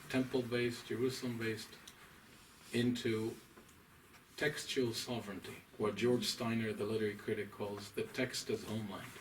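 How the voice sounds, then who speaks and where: A man, a rabbi, giving a deliberate, emphatic, scholarly lecture to a small audience. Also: lowish voice, flat delivery. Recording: distant mic, faint room noise.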